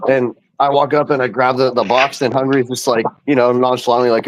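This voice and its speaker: A man's voice: medium pitch, level tone, fast talker, dry recording, highs cut off. A man co-hosting a casual cannabis chat, a profane, laughing storyteller. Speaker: podcast co-host.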